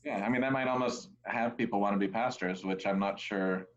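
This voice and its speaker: A man telling funny stories in a casual chat, animated and jokey. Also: on the low side, brisk, lo-fi sound. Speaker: pastor, podcast co-host.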